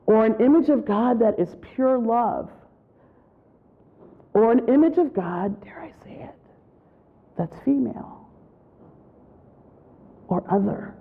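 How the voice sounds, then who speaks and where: A woman gives a spiritual retreat talk, with a slightly gravelly voice. She tells her stories in an animated way and acts out what people said. The sound is thin and tinny, like it came over a phone line. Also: on the high side, slow, long pauses. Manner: animated storytelling, acts out quotes. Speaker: retreat speaker.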